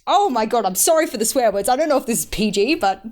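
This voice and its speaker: A woman from North Queensland with a softened Australian accent, a guest chatting frankly and animatedly on a podcast. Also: a little high, animated, fast talker. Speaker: esports analyst guest. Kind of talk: casual podcast chat.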